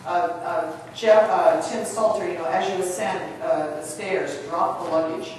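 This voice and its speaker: A woman teaches choir technique from a stage in a big, echoing hall, her voice landing from a distance with a long reverb tail. She talks in a lively, chatty way, with the murmur of an audience in the background. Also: fairly low pitch, measured pace, slight background noise. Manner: lively, chatty, acts out whispered demonstrations. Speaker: choral conductor giving a workshop. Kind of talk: conference lecture with demonstrations. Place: large conference hall.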